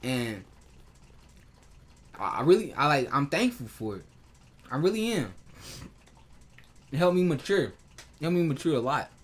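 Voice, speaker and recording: Male vlogger, emotional rant, profane, halting restarts. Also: on the high side, very animated. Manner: heated, hurt, swearing, with many restarts. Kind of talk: emotional personal vlog rant.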